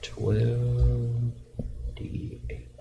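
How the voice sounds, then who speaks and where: A man's voice: mid-range voice, monotone, drawn-out words, gravelly, lo-fi sound, background noise. A man playing a tabletop game, laid-back and thinking aloud as he declares his moves. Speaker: player. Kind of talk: casual play at a tabletop game.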